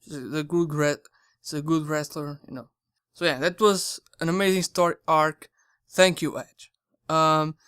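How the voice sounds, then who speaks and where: A channel host giving a casual spoken review, rambling and excitable, often stumbling and correcting their words. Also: mid-range voice, clean tone, dry recording, studio quality.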